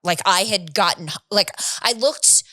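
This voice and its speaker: A woman in her thirties, a podcast co-host, telling a story in a casual chat, animated and laughing, acting out quotes. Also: mid-range voice, unhurried.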